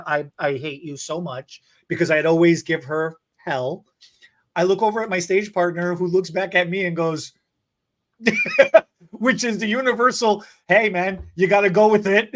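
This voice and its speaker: A man co-hosting a beauty podcast who tells a lively story in casual chat, acting out what people said and laughing often. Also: high-pitched. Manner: animated, laughing storyteller who acts out quotes. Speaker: podcast co-host, hair stylist.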